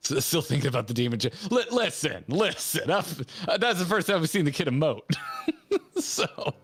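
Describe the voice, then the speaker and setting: A man hosting a game stream, rambling and excitable in casual chat. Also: fairly high pitch, normal speed, breathy edge. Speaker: streamer host. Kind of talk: casual let's-play chat. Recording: faint game music behind.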